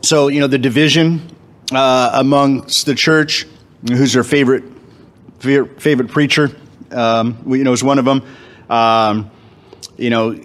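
A man's voice: medium pitch, steady tone. A man leading a men's Bible study, talking casually with lots of fillers, restarts and wry humor, at times while eating. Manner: halting, many fillers and restarts, self-deprecating humor. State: eating, talking with food in his mouth.

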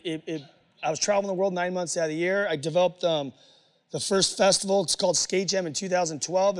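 A man's voice: on the high side, in a large hall. A man telling his personal testimony to an audience in a casual, slangy storytelling way. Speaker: speaker giving a personal testimony.

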